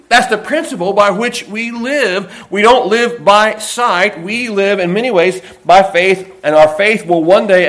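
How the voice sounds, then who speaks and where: High-voiced preacher, emphatic. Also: male voice, a bit bright. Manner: emphatic preaching, slows and stresses key phrases; folksy asides and personal stories. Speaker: pastor. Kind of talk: sermon.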